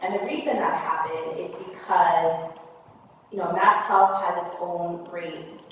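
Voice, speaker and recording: A woman's voice: fairly low pitch, muffled recording. Young american woman speaking earnestly at a town forum, lots of ums, long reverb, faint room noise. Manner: earnest, measured, with frequent um fillers. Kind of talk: public testimony speech. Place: large public meeting room. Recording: distant mic in an echoey hall.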